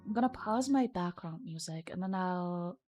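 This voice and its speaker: A woman's voice: on the low side, lively intonation, normal speed, darkish tone, soft background music. A young woman streaming her art, chatting casually and teasing her viewers as she reads their messages.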